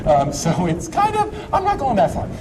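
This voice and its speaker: A man with a fairly high voice gives a chatty, filler-laden chemistry demonstration. The mic sits some distance from him, and a faint background hiss runs underneath. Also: huge pitch swings, normal speed. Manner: chatty, explanatory, many fillers. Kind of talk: live science demonstration.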